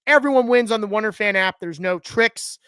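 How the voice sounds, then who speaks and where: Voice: mid-range voice, brisk, fairly bright tone, smooth, no echo. Jokey live show host, cuts himself off a lot, super clean dry audio. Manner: joking asides, teases and self-interrupts. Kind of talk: live show chat with sponsor plugs.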